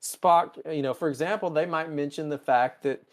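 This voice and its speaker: A man hosting a casual podcast recap, swearing freely and jumping into quick character quotes with lively pitch swings. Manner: animated, jumps pitch when quoting characters. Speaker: podcast host recapping episodes.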